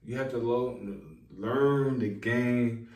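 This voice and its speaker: An online self-help talker, a man, delivers a slow, rambling monologue to viewers in a drawling, preachy manner, repeating himself for emphasis. His medium-pitched voice is steady and a little mellow. He sits far from the mic in an echoey room, so his voice sounds set back.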